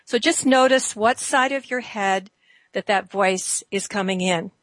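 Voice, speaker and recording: A woman hosting a talk show, leading listeners through a slow, soothing guided exercise with drawn-out phrases. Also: medium pitch, a bit bright, no echo. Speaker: host.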